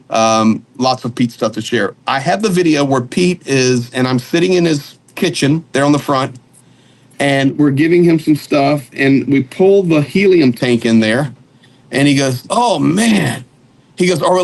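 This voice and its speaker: Animated storytelling man. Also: on the high side. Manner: animated, acts out voices in anecdotes. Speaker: aid volunteer telling stories. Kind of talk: casual storytelling.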